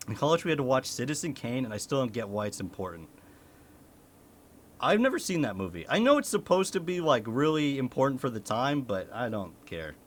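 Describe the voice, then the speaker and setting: A man's voice: medium pitch, big pitch swings, brisk, a little hiss or hum. A young man from the United States, a streamer chatting casually with his chat, laughing often and swearing.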